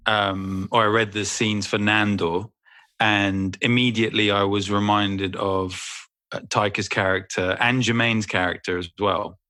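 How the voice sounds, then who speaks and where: Bright-voiced man chatting dryly. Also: fairly low pitch, a little slow, no echo. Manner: relaxed, rambling, self-deprecating. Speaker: actor guest. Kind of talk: casual interview chat.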